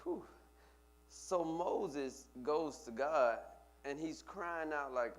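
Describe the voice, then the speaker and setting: A man's voice: a little high, expressive, extremely slow. A male pastor preaching a sermon, building with emphatic, repeated phrases. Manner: preaching with rising emphatic repetition.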